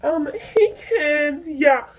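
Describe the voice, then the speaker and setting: A young woman voicing a friend's calm, matter-of-fact mother, who talks haltingly with many fillers. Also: high-pitched, phone-quality sound, voice pushed up, exaggerated voice.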